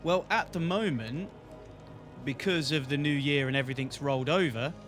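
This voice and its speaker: A man's voice: on the high side, moderate pace, a bit bright, soft background music. A man co-hosting a live stream in friendly casual chat, laughing often and reacting to viewers. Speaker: co-host of a live-streamed tavern show.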